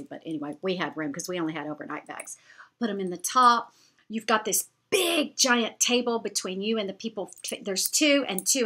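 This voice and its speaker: A woman telling a travel story to her viewers in a chatty, animated way. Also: fairly high pitch. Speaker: vlogger. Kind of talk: storytelling travel anecdote to camera.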